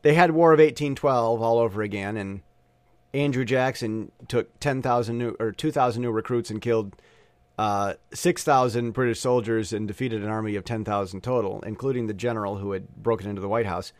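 A man's voice: fairly low pitch, a little fast, no room sound. Guy rambling solo into the mic, lots of stammers and restarts, dry dead sound. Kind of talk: rambling casual monologue.

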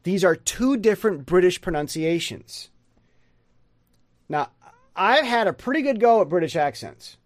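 A man giving a casual pronunciation lesson, rambling and sounding out words slowly. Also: high voice, expressive, no room sound, studio quality. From United States. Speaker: pronunciation teacher.

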